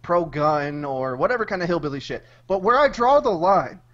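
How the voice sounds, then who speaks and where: A man with a somewhat high voice trades crude jokes with a deadpan delivery on a podcast. The audio is muffled and lo-fi. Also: moderate pace. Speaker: podcast host. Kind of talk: casual podcast banter.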